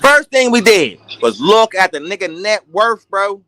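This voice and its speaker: A young man hosting a boxing talk stream, ranting in an animated, profane, casual way. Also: high-pitched, a little slow. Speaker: boxing talk show host. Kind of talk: casual livestream rant.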